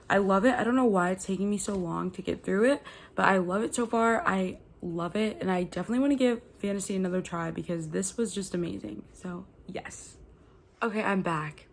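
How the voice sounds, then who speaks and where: A young adult woman chatting in a casual reading vlog, gushing and excitable as she reacts to a book. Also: medium pitch. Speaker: book vlogger.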